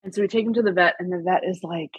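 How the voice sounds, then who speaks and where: A middle-aged woman telling a story as a podcast guest, casual and animated, acting out quotes. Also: rapid-fire, breathy edge, no echo, dull audio. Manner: animated, acts out quotes with big pitch jumps. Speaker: guest, crafting TV personality.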